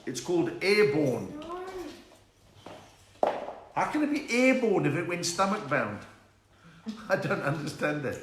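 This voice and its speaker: A man's voice: on the high side, big pitch swings, measured pace, pauses often. A middle-aged man with a South African accent, a comedian telling jokes and chatting with viewers on a home livestream. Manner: chatty, bursts into laughing song bits. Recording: echoey room with faint hiss.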